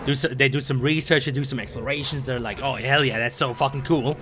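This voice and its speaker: Hoarse, profane young game streamer. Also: male voice, mid-range voice, fast. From Sweden. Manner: excitable, profane, rambling. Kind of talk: casual gameplay commentary. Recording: stream mic with game noise behind. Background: game sounds.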